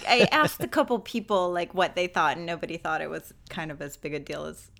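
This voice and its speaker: A woman's voice: fairly low pitch, animated, brisk, creaky, fairly bright tone. A woman interviewing a guest in a casual chat, thoughtful and searching for words as she asks her questions.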